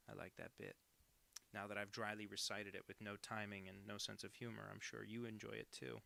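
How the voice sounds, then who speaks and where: Gravelly man rambling on a live stream. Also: on the low side, sharp tone. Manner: rambling, self-deprecating, crude asides. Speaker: artist live-streaming drawings. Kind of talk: casual live stream chat.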